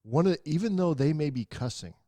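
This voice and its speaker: A man's voice: a little high, expressive, fast, dark tone, no echo. A man co-hosting a podcast, explaining at length in a casual way and often checking in with "right?". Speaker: podcast co-host. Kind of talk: casual chat.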